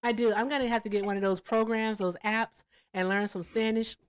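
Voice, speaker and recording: A woman's voice: a little high, fairly even intonation, a little fast, smooth. A woman in her late fifties hosting a live stream, chatting playfully and laughing with guests. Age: 50s. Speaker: livestream host. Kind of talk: casual chat.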